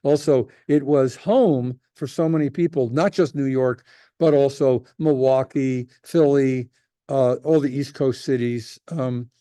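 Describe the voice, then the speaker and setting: A man's voice: medium pitch, unhurried, mellow, no room sound, studio quality. A man, a rabbi, teaching a casual class, telling jokes and rambling with lots of restarts.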